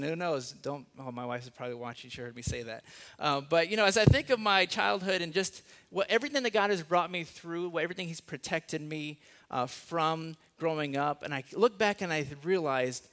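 A young man from Los Angeles preaching a conversational sermon, slowing to a hushed voice on key phrases and joking at his own expense. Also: sits high. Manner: conversational and self-deprecating. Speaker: guest preacher.

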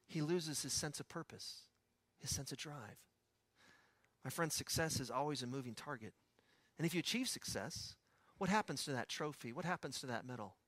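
A man's voice: fairly high pitch, expressive, moderate pace, fairly bright tone, no room sound. Man preaching in a conversational way. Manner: conversational preaching with rhetorical questions. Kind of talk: sermon.

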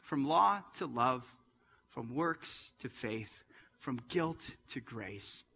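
A middle-aged man preaching a sermon as a pastor, swinging between loud, forceful passages and hushed, quiet ones. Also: medium pitch, lively intonation, takes it slowly, vocal fry, slightly rough. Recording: long hall reverb.

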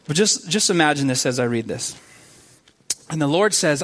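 A man's voice: on the high side, lively intonation, normal speed, fairly bright tone. A man preaching a casual, conversational sermon with enthusiasm, full of fillers and repeated words.

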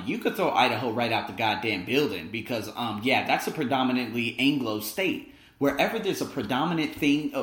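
A man's voice: mid-range voice, a bit bright. A man hosting a casual talk show, telling stories animatedly, acting out quoted voices and swearing casually. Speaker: podcast host. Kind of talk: casual storytelling monologue. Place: living in Thailand. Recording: roomy echo.

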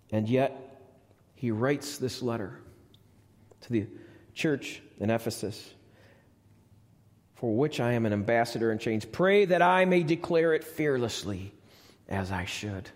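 A male pastor preaching a live sermon in a church, swinging from loud, high appeals to hushed, low lines. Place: church sanctuary. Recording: long reverb of a church hall.

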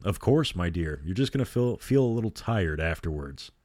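A man's voice: sits low, expressive, a little mellow, no echo, studio quality. A man doing a silky, sinister old vampire. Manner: slow, silky, drooling menace. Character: sinister old male vampire, oily and predatory.

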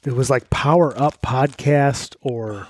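A man's voice: mid-range voice, measured pace. A young man from Illinois co-hosting a podcast, telling stories in casual chat and acting out the quotes with energy. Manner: animated storyteller, acts out quotes. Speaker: podcast co-host.

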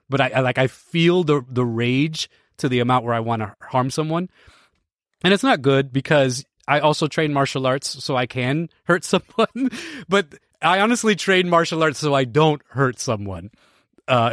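American male host, late 30s, storytelling, animated, dry close sound. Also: mid-range voice, no echo. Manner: animated, restarts often, laughs while telling a story. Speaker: podcast host. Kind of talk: casual storytelling to a live stream audience.

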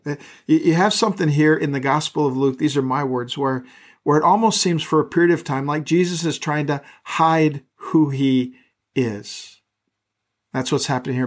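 Higher-voiced man preaching conversationally. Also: normal speed. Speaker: pastor. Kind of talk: sermon.

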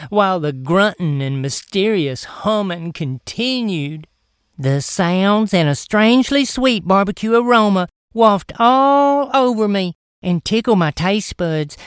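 A woman telling a folksy comic tall tale in a drawn-out, dramatic way. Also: mid-range voice, clear, resonant tone, no room sound, studio quality. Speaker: comic storyteller. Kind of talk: folksy comedic storytelling.

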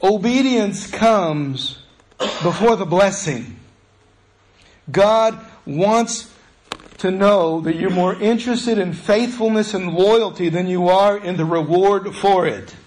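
A man's voice: high-pitched, slow, a little mellow, a little hiss or hum. A male pastor preaching a sermon in a conversational, storytelling way.

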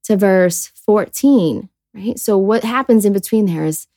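A woman co-hosting a casual faith podcast, talking in an earnest, chatty way and filling her sentences with "like." Her pitch sits in a middle range for a woman. The sound is dry and close, with no room echo. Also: a little slow, dark tone. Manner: chatty and earnest, many "like"s, voices quoted people. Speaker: podcast co-host. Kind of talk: casual faith podcast, reading and reflecting on scripture.

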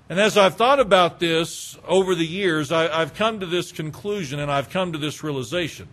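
A man's voice: fairly high pitch, normal speed, hardly any pauses, a bit bright. A man, preaching a sermon as pastor, emphatic and repetitive, acting out phone calls in quoted voices. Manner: emphatic, repeats phrases, acts out phone calls.

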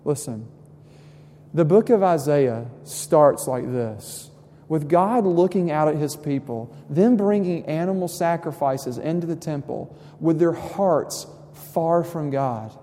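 A young man preaching a sermon. He talks in a conversational way, drops to soft asides and then rises into emphasis. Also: a little high, slow pace. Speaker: pastor. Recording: long hall reverb.

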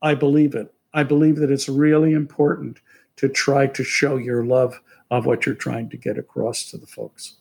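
A man's voice: medium pitch, level tone, moderate pace, vocal fry, darkish tone. A man who conducts orchestras, telling stories from rehearsals in an anecdotal way and laughing easily. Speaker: orchestra conductor, interview guest. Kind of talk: storytelling interview.

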